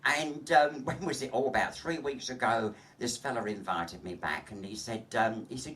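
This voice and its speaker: Lively camp comedian telling bawdy jokes. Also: male voice, medium pitch, a little fast, few pauses, recorded from a distance, a little hiss or hum. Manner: chatty, gossipy, laughs at own jokes, acts out voices. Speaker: drag comedian. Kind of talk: bawdy stand-up storytelling. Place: small pub, live show.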